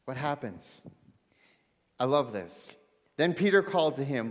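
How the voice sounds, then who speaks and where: Male preacher, fairly high voice, lively and then suddenly hushed, long reverb of a big hall. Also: a little slow, pauses often. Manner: animated, swings between loud excitement and hushed intensity. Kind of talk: sermon.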